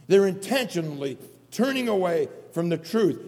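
A man's voice: high voice, animated, a little slow, darkish tone. A man preaching an earnest sermon, repeating phrases for emphasis. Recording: long hall reverb.

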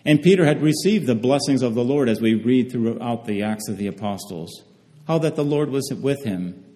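A preacher reads scripture slowly in a mellow, dark-toned voice of medium pitch, his intonation lively and his emphasis careful. He often pauses and restarts phrases, while a long hall reverb rings around him.

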